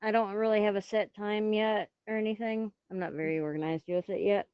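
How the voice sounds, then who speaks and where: A woman's voice: medium pitch, steady tone, brisk, clean tone, dry recording, lo-fi sound. A woman guest chatting casually on a stream over a headset, rambling and giggling, breaking off to talk to her cat. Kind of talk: casual chat.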